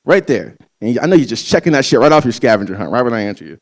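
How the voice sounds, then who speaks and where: Doing stand-up at a live comedy venue, a young man works the crowd very fast in a mid-range voice with big pitch swings. He tells his stories loosely and conversationally, swearing freely.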